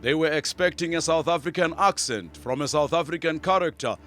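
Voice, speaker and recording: An actor playing a dry, deadpan male news anchor in a satirical puppet newscast. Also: fairly high pitch, brisk, lightly acted. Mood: sardonic. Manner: crisp newsreader delivery, deadpan.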